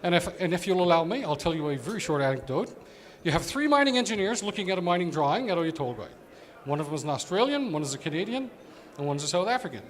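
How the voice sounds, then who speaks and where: A man's voice: high-pitched, very animated, fast talker. A man giving a conversational conference presentation as an operations executive, explaining with fillers.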